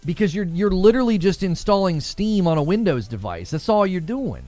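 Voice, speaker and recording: A man's voice: high-pitched, sing-song, brisk, darkish tone, no echo, soft background music. A man hosting a casual gaming livestream, reading chat and talking back to it, laughing often.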